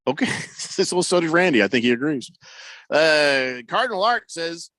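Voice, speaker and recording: A man's voice: fairly high pitch, expressive, normal speed, a bit bright, dry recording. A man hosting a radio show, reading listener messages aloud and teasing his co-hosts in casual banter. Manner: teasing, dry joking.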